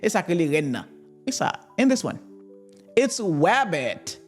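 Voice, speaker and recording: A woman's voice: on the low side, sing-song, unhurried, soft background music. A woman with a Haitian accent teaching the alphabet, repeating each word and switching between English, French and Creole. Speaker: language teacher. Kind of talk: alphabet lesson for learners.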